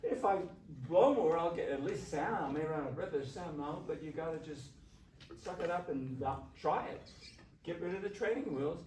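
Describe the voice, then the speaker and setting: A man teaching shakuhachi speaks at a moderate pace in a higher-than-average, darkish voice with lively intonation. Conversational and coaxing, he keeps questioning the class. Captured from a distance, the classroom audio is roomy with a faint hiss.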